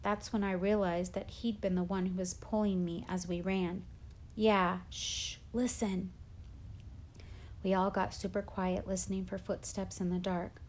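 A woman narrating a children's novel in a plain, steady storytelling manner. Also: medium pitch, moderate pace, hardly any pauses, a little hiss or hum. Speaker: audiobook narrator. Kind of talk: scripted narration.

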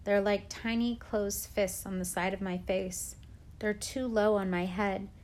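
A woman reading a chapter book aloud in a steady, clear way. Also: medium pitch, measured pace.

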